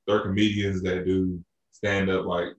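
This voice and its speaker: A man from Arkansas with a very low voice tells a long, rambling story in a relaxed chat. He restarts his sentences often and leans on fillers. He sounds roomy and a little far from the mic. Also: a little slow, highs cut off. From Arkansas, USA. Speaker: podcast co-host. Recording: roomy echo, a bit off-mic.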